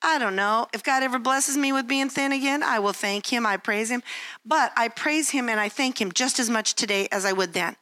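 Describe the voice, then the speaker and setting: A woman's voice: on the high side, normal speed, bright, forceful tone. An older woman giving a candid devotional talk, telling self-deprecating family stories and acting out what people say. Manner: candid, self-deprecating storytelling with acted-out quotes. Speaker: Christian speaker.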